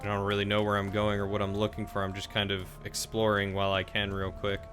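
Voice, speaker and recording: A man's voice: lowish voice, monotone, quick pace, music in the background. A man streaming a game live, chatting playfully and reading the in-game letters aloud.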